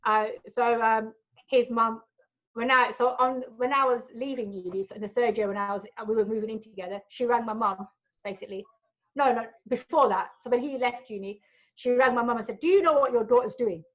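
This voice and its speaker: A woman's voice: a little high, fairly quick, highs cut off. Frank woman telling stories. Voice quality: frank and animated, swears freely. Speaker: interview guest. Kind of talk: candid storytelling in a casual interview.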